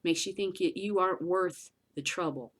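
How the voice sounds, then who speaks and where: A woman hosting a news commentary show, ranting bluntly and profanely, going from loud outbursts to low muttering. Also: normal speed. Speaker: podcast host.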